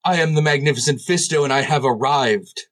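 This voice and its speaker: A man's voice: on the high side, a little fast, fairly bright tone, pitched above the performer's own voice, close to an everyday voice. Man putting on a boastful toy magician. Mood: bravado. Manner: showy, full of bravado. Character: naive boastful toy stage magician, male.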